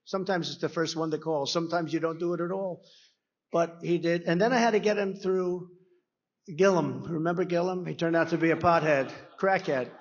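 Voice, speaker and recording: A man delivers a meandering, conversational campaign rally speech at a podium microphone, often slipping into acted-out dialogue. His voice sits notably high for a man. The recording is slightly dull and muffled. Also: brisk. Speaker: political speaker at a rally. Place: rally venue.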